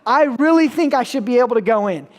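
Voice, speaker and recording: A man's voice: extremely high pitch, expressive, fast talker, in a large hall. A man voicing an earnest teenage boy who begs his dean to let him join something. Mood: pleading. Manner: pleading, earnest, drops to a soft mumble when caught out.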